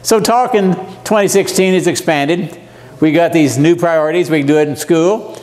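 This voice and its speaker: A man in his seventies with a drawl teaches a Bible lesson to a congregation. His voice sits somewhat high for a man. He keeps the tone folksy, throwing questions and jokes out to the listeners. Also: normal speed, darkish tone. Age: 70s. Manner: joking, asks the audience questions. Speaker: seminar speaker.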